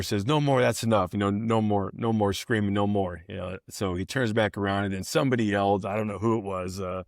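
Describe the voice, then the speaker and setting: Low-voiced man telling a lively story. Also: no room sound, studio quality. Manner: animated anecdote teller, voices others with high squeals. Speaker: podcast guest, baseball coach. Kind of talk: casual storytelling.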